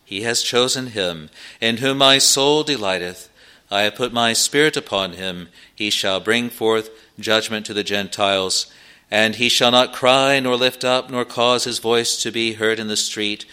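A man preaching a sermon slowly and earnestly, pausing often with "uh" as he explains scripture. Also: on the low side, sharp tone, smooth. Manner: slow, earnest preaching with frequent "uh" pauses.

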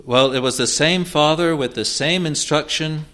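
A man's voice: fairly high pitch, a bit bright. Earnest man preaching an expository sermon. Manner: earnest, asks rhetorical questions and answers them; halting at times, with restarts.

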